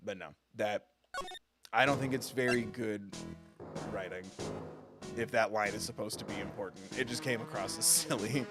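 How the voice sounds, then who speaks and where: A man's voice: on the low side, normal speed, pauses often, over loud music. A man streaming a video game live, commenting with profane, sarcastic banter. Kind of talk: live let's-play commentary.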